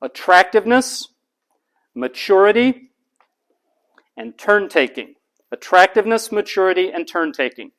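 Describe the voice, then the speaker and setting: In a deliberate lecture, a US college lecturer repeats key terms at a slow pace. He models voice types by dropping into a flat, low monotone for each example.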